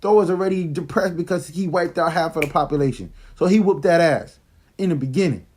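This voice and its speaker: A man with a fairly high voice, talking fast and excitedly in a casual movie review. He retells scenes in loose, slangy speech.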